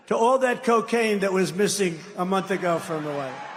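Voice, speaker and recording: An older man with a high-pitched, animated voice talks a little fast over a noisy background, speaking as a political candidate at a campaign rally. He rambles and mocks, teasing the crowd with asides in a large rally hall full of people. The recording carries a long hall reverb and faint ambience.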